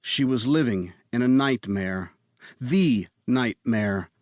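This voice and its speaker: A man reading a thriller audiobook in a measured, tense narration. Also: mid-range voice, lively intonation, a little mellow, dry recording, studio quality. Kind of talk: scripted narration.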